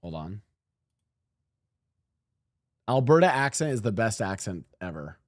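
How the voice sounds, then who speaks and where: A man's voice: lowish voice, sing-song, measured pace, no echo, clean studio sound. A man streaming and reacting to clips, rambling animatedly and talking to his chat.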